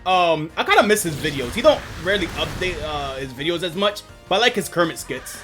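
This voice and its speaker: A man's voice: a little high, big pitch swings, a little fast, a bit bright, soft background music. A man streaming a video game, chatting casually with rambling, profane jokes. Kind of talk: casual let's-play chat.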